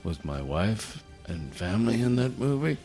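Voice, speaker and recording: A man with a rough, gravelly voice doing an impression of a confused American film hero who keeps asking about his wife and family. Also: on the low side, very animated, normal speed, a little mellow, soft background music. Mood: gruff.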